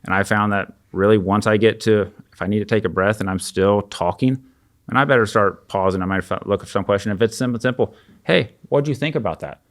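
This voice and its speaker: A man's voice: on the low side, a little fast. A man explaining his sales technique in a casual, practical way on a podcast. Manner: relaxed, practical, acts out short sample questions. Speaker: sales coach.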